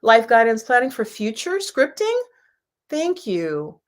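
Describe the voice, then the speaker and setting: A woman's voice: fairly high pitch, sing-song, unhurried. Chatty woman hosting a live stream. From United States. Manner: chatty and warm, with frequent laughs and rambling asides. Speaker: YouTube channel host. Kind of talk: casual live-stream chat with viewers.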